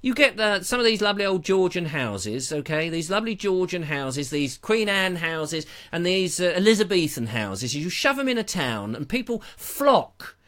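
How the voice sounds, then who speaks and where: A man's voice: high voice, sing-song, moderate pace, few pauses, fairly bright tone. A middle-aged man, hosting a rambling live stream with theatrical rants, asides and sound effects. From England. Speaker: live show host.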